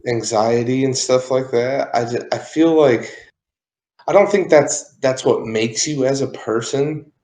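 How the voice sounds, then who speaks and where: A young man talks slowly and thoughtfully in a casual chat, restarting his sentences as he works through an idea. His voice carries a roomy echo. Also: mid-range voice, a little mellow.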